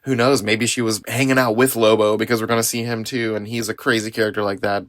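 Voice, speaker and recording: A man's voice: fairly low pitch, a bit bright, no echo, clean studio sound. Earnest middle-aged man reviewing a movie. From Southeast Missouri, US. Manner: earnest, enthusiastic, rambling. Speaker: podcast host.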